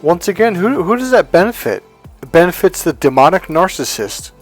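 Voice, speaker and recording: A man speaking as a life coach in an emphatic motivational monologue, blunt and forceful, swearing for emphasis and acting out other people's lines in a raised voice. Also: sits high, very animated, a little fast, soft background music.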